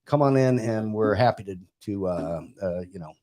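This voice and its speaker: A man's voice: lowish voice, animated, moderate pace, mellow. A man co-hosting a casual married-couple podcast, rambling with many fillers and frequent laughs. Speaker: podcast co-host. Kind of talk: casual chat.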